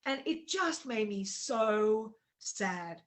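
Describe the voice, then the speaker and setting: A woman's voice: fairly high pitch, lively intonation, drawn-out words. A woman co-hosting a casual chat, telling an emotional story and acting out the quoted dialogue. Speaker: co-host.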